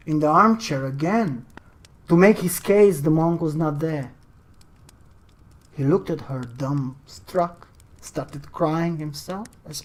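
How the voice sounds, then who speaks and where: A slow, halting storyteller retelling a classic tale off the cuff. Pauses and restarts break up the speech at a middle pitch.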